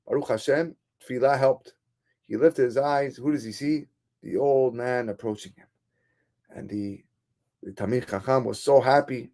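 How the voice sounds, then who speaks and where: A man who is a rabbi, telling a story in a sermon in an animated, dramatic way. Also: medium pitch, normal speed.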